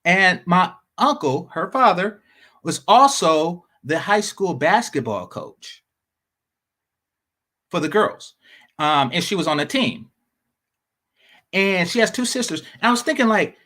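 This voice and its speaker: A male commentator talks bluntly and mockingly. His voice is bright and sharp, and his pitch rises and falls in lively swings. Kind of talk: reaction commentary.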